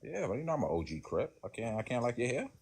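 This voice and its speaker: A man's voice: mid-range voice, sing-song, fast, vocal fry, darkish tone, breathy edge. A man, bantering in a casual, provocative and flirty way on a livestream. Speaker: guest caller in a livestream debate.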